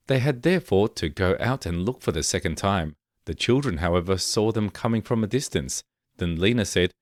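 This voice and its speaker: Brief: male storyteller, deep voice, calm measured reading, dead-dry booth. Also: no room sound. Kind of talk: scripted fairy-tale narration.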